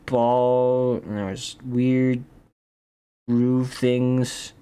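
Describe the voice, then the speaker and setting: A man's voice: medium pitch, flat delivery, drawn-out words, mellow, smooth. A young man streaming while he draws, rambling in goofy casual chat, full of restarts and jokes. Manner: goofy, jokey, repeats and restarts, says dude a lot.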